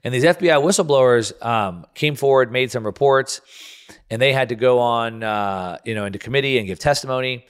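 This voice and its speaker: A man's voice: mid-range voice, a little fast, clear, resonant tone. A man hosting a talk show, ranting through political commentary with frequent restarts. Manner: heated, restarting and stumbling over words. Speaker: radio show host.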